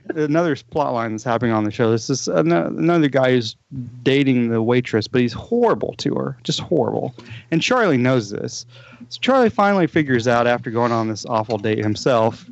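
A man's voice: mid-range voice, lo-fi sound. Rambling man retelling a TV plot. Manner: rambling, animated storytelling with restarts. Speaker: podcast co-host. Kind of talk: casual chat, recommending a TV show.

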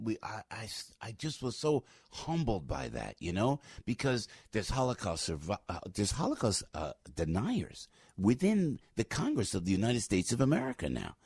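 A man hosting a talk radio show, delivering an opinionated monologue with lively swings and mocking asides. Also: fairly low pitch, normal speed, creaky, husky, dry recording. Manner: animated, mocking voices, loud outbursts.

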